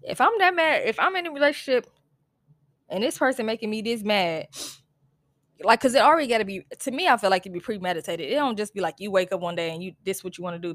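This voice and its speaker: A woman's voice: mid-range voice, no echo. Blunt, exasperated woman podcast host. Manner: blunt, exasperated, profane, with frequent "like" fillers. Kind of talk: casual solo podcast rant.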